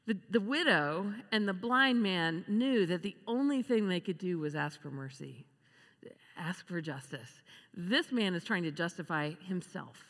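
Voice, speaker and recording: A woman delivers a sermon in a bright, clear voice, slipping into the voices of the people she quotes. Her speech rings out with a long reverb, as in a large hall. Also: fairly low pitch, unhurried. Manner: expressive, acts out quoted voices with laughs. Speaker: preacher.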